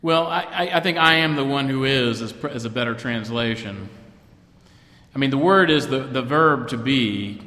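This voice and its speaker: A man teaching an informal Bible class, thoughtful and halting, often restarting his sentences. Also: medium pitch, sharp tone. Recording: echoey room with long reverb.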